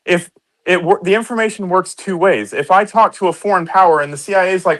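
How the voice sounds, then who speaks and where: Guy arguing politics hard, cussing, cuts people off, voice sits a bit high. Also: fast talker, fairly bright tone, poor audio. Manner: combative, swears a lot, talks over others. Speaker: podcast co-host. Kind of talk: heated political debate.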